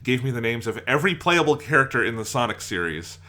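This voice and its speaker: A man's voice: medium pitch, very animated, fast, bright, forceful tone. A man co-hosting a podcast, chatting casually and enthusiastically, rambling a bit and laughing often. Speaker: podcast co-host. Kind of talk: casual chat.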